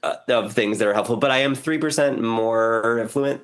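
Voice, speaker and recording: A young American man co-hosting a podcast, sounding hoarse from a cough and chatting in an animated way. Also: medium pitch, normal speed. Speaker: podcast co-host. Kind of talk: casual chat.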